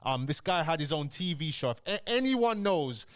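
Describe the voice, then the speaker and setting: A man's voice: a little high, sing-song, normal speed, fairly bright tone, clean tone, no room sound. Blunt London man ranting, dry close mic. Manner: blunt, heated, slangy. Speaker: commentary channel host. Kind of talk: casual reaction commentary.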